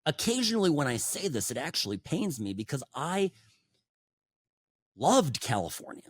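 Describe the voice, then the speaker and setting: A middle-aged man hosting a talk radio show, delivering an opinionated, sarcastic monologue that swings between loud outbursts and hushed asides. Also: a little high, big pitch swings, normal speed, slightly rough, no echo, studio quality.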